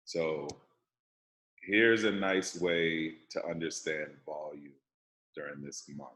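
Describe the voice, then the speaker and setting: A man's voice: very deep voice, fairly even intonation, slow pace, a bit bright. A man leading an online sales training call, explaining casually and step by step while checking that the group follows. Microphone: video call. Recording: roomy echo.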